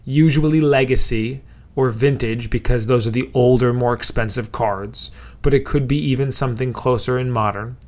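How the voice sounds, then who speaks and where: A man co-hosting a podcast, explaining at length with hesitant restarts and some teasing. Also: mid-range voice. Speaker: podcast co-host. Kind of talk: casual chat, explaining.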